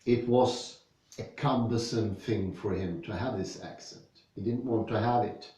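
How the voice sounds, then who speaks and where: A Swedish-accented man talks through a philosophy text at a slow, unhurried pace, his voice low and mellow. He sits back from the microphone in a very echoey room, so every word rings around him. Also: recorded from a distance. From Sweden. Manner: slow, thoughtful, reads passages aloud then explains with personal stories. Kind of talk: reading and discussing philosophy.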